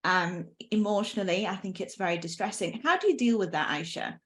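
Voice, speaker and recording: A woman's voice: medium pitch, lively intonation, brisk. A woman with a British accent hosting an interview, attentive and encouraging, with frequent fillers. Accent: British English. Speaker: interviewer, host. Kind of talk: conversational interview.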